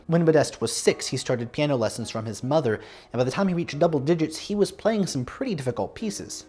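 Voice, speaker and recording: A man's voice: medium pitch, darkish tone. A man hosting a music history lesson, reading a scripted narration with dry, wry asides. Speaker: music history video host.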